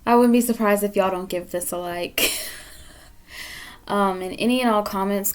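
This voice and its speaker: A woman reads tarot cards for her viewers. She talks bluntly and scolds a lot, swearing freely, in a voice of middling pitch. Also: moderate pace, pauses often, smooth. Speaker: tarot reader. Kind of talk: pick-a-card tarot reading.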